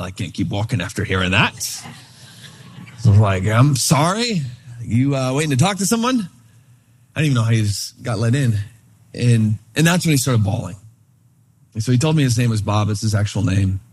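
A man delivers a sermon in an easygoing, conversational style. His voice is a little husky, at an ordinary middle pitch. He retells a personal story, slipping into quoted voices as he goes. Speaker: pastor.

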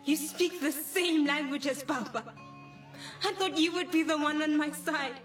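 A woman's voice: high-pitched, normal speed, close to an everyday voice. Woman as a defiant teen girl. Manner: tearful, defiant pleading. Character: rebellious teenage daughter, defiant. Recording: echoey room, distant mic, faint music.

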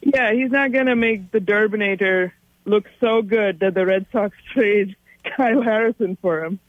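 A man's voice: high-pitched, moderate pace, no echo. A man calling in to a sports radio show by phone, chatting casually and wryly about baseball. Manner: rambling, wry. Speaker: radio caller. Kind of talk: casual call-in chat. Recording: muffled call-in line.

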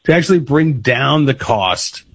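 Male talk radio host, husky voice, halting, wordy questions. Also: mid-range voice, lively intonation. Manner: halting, repeats words when asking. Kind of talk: radio interview.

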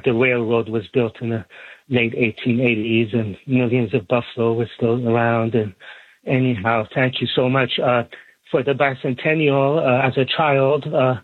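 A man phones in to a talk radio show and wanders through his point with plenty of fillers and false starts. His voice is a touch husky. It comes through a thin, tinny phone line with a dry sound. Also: medium pitch, flat delivery, moderate pace, no echo. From Iran. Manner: rambling, many fillers and restarts. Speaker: caller.

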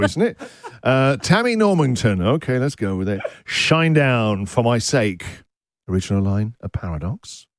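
A man's voice: medium pitch, very animated, normal speed. A man hosting a radio show, chatting playfully and laughing often. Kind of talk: casual radio banter. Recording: background music under the voice.

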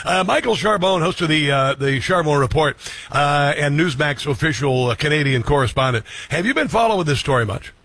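A man hosting a political talk show, speaking quickly with many fillers and a scoffing tone. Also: a little high, expressive, a bit bright, no room sound. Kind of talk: opinionated commentary.

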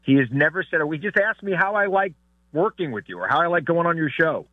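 A man's voice: fairly high pitch, fairly quick, dry recording. A man calling in as a guest, teasing the host in talk radio banter. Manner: teasing, lively. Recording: tinny phone line.

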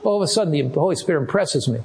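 Older male pastor preaching slowly. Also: fairly high pitch, animated, gravelly, darkish tone, slight background noise. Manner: earnest preaching with slow, drawn-out emphasis. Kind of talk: sermon.

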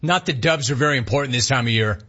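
A man's voice: mid-range voice, fast, pushed and bright, dull audio. A man hosting a sports talk radio show, telling a baseball story with laughter and mock outrage.

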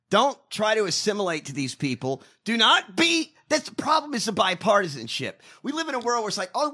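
A man with a high, bright and cutting voice rants on a political talk show. He curses hard and mocks his targets at every turn. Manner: angry, profane, mocking. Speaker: co-host.

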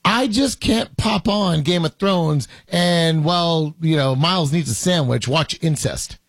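Gravelly, husky, lively-voiced man. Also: fairly high pitch, a little slow, dry recording. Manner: rambling, self-interrupting, laughs often. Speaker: podcast co-host. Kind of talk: casual sports chat.

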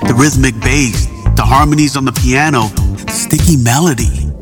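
A man's voice: medium pitch, moderate pace, loud music behind the voice, natural voice. A man playing a dreamy young stoner. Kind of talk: scripted ad acting.

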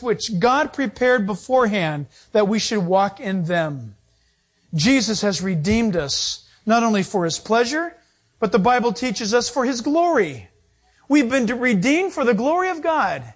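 A middle-aged male pastor preaching a sermon, acting out quotes and laughing as he goes. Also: very high-pitched.

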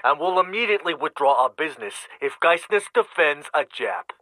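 A man's voice: fairly high pitch, expressive, normal speed, bright, forceful tone, dry recording, pitched above the performer's own voice, rough recording. A man playing a hostile, bigoted union spokesman who delivers cold, curt threats.

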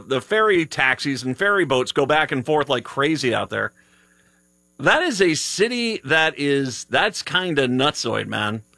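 Rambling, tired radio host with a bright voice. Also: male voice, fairly high pitch, no room sound. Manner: rambling, with many restarts and laughs. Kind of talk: casual live radio chat. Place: radio studio.

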